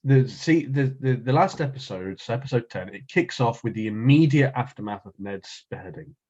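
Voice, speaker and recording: A man's voice: mid-range voice, lively intonation, moderate pace, darkish tone, muffled recording. A man co-hosting a podcast, rambling in casual chat and restarting his sentences often. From North East England. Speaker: podcast co-host.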